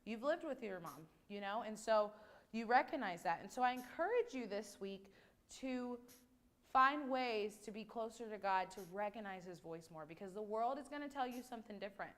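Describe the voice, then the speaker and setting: A woman leading a children's message in church, asking gentle questions and closing in prayer. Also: mid-range voice, animated, normal speed. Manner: gentle, conversational, asks questions. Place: church sanctuary.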